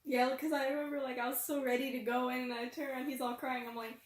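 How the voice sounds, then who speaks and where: A woman's voice: high-pitched, flat delivery, fast talker. A teenage girl talking casually about her family, hesitant and full of "like". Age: teens. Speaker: daughter. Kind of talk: casual chat. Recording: echoey room.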